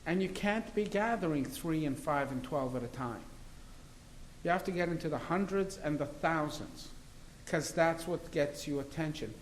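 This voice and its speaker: A man with a slightly high voice and a faint hiss behind him makes his case in an interview. He is a criminal defence lawyer, and he talks in an assertive, argumentative, emphatic way. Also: normal speed, poor audio. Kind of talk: interview conversation.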